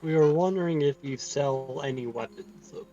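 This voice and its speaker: A man taking part as a player in a tabletop game, speaking in an unhurried, plain way. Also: mid-range voice, dark tone, lo-fi sound, soft background music. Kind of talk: casual tabletop role-play.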